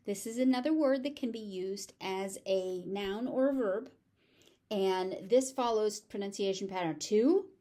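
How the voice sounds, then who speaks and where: An American woman teaching pronunciation, saying each word slowly and clearly several times and then explaining it. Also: mid-range voice, dark tone. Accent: General American. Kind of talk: slow, careful pronunciation lesson.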